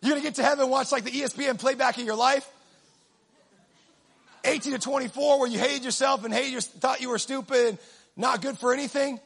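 A man with a very high speaking voice delivers a sermon. His tone is husky and slightly breathy. He is animated and jokey, dropping into quiet asides and then rising to shouts. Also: brisk. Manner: animated, swings from low asides to shouting, humorous. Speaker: preacher.

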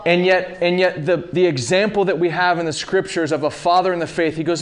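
A man's voice: high voice, fairly even intonation, a little fast, few pauses. Impassioned male preacher in his thirties. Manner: rising to loud impassioned peaks, calls to the audience. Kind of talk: sermon.

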